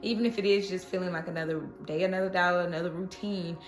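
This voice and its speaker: A woman's voice: fairly low pitch, fairly even intonation, fast, reverberant, soft background music. A woman giving a casual tarot reading, chatty and reassuring, often checking in with "okay?". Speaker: tarot reader.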